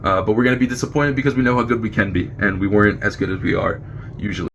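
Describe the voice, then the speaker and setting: A man from New Jersey with an American accent, giving a brisk, opinionated fan review recorded on video. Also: on the low side, steady tone, vocal fry, a bit bright, dull audio, a little hiss or hum. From New Jersey, USA. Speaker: fan contributor.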